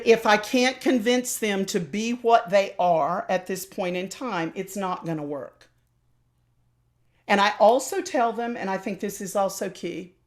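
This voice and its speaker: An older woman with a warm Southern drawl tells stories about her career with lively, theatrical flair. She slips into the voices of the people she quotes. She is talking over a video call. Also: mid-range voice. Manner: animated storyteller, acts out quoted voices. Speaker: opera singer and voice teacher, guest.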